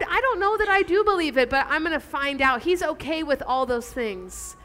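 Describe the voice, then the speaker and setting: A woman with a high, bright voice preaches to her congregation. She is earnest and emphatic and asks her listeners direct questions. The sermon is delivered in a church. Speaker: pastor.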